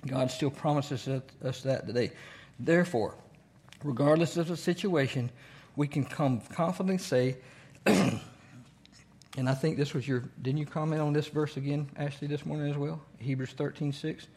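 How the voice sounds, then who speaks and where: A man's voice: on the high side, moderate pace, a little mellow. A man teaching a church Bible study, asking the group questions and repeating key phrases.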